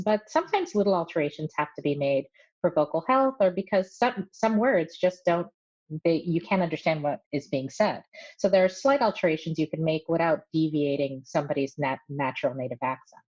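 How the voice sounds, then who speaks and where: Woman guest, low voice, measured and explanatory, slightly muffled lo-fi sound. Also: a little mellow. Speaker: voice coach, guest. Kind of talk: casual podcast interview. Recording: slightly dull lo-fi audio.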